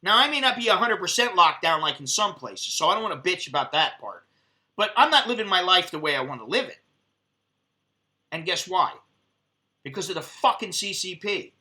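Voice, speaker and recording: An American man talks on his live stream in a very bright, sharp voice that sits high for a man. His speech is casual and laced with cursing, and he drifts between stories and bursts of acted-out argument. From United States. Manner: profane, animated storytelling, acts out heated quotes.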